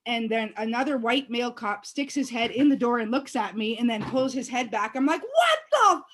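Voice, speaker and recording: Excitable, foul-mouthed woman telling a story. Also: a little high, a little fast. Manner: profane, excitable, shouts in quoted outbursts. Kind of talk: casual storytelling chat.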